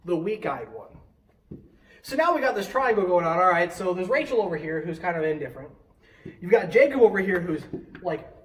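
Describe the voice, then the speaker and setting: Youthful-sounding male preacher, chatty and animated, slightly high, distant mic. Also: slight background noise. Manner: animated, conversational preaching with quick asides. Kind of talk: casual youth sermon.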